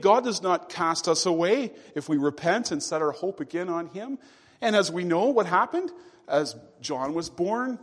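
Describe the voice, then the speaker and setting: A male pastor delivers a sermon in a high, light voice, leaning hard on key words and slowing down to stress them. His voice rings with the long reverb of a church sanctuary. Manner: emphatic preaching with slow, drawn-out stresses.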